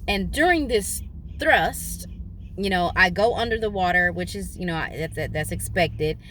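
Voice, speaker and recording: A young woman recording herself on her phone from inside a parked car. She tells a personal story in a casual, animated way, with a bright, forward voice. A faint hum sits behind her. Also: moderate pace. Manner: animated, dramatic retelling with big pitch jumps. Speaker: vlogger.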